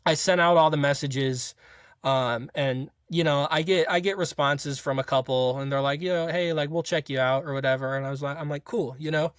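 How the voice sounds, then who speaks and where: A young college football player, guesting on an interview, tells his story in a rambling, casual way packed with fillers and frequent restarts. His voice sits on the high side with fairly even intonation and a brisk pace, and it sounds clear and resonant in studio-quality audio with no echo.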